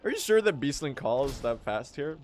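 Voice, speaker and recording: Lively excitable young man streaming. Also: medium pitch, fairly quick, soft background music. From Sweden. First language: Swedish. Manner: excitable, reactive, swears, talks to chat. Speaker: speedrun streamer. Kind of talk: live gameplay commentary.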